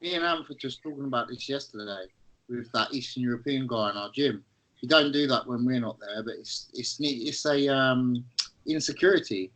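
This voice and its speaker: A man on a casual podcast, calmly explaining his point about insecurity at the gym. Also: mid-range voice, normal speed, low-quality recording. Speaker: podcast co-host. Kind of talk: casual chat.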